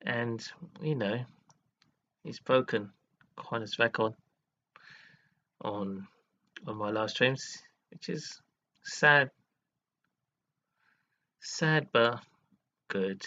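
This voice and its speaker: A man's voice: mid-range voice, pushed and bright, lo-fi sound. A man vlogging to his viewers in an earnest, dramatic way, scolding and praising by turns. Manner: dramatic, scolding and earnest, with sudden laughs and sighs. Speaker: live streamer. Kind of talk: emotional monologue vlog.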